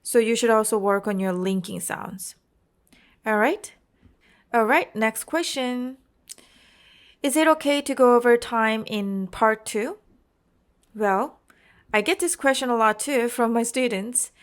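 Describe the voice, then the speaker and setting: A woman's voice: a little high, measured pace, long pauses. A woman with a Korean accent teaching an IELTS exam-prep lesson, explaining carefully and often checking in with "okay?" and "you know".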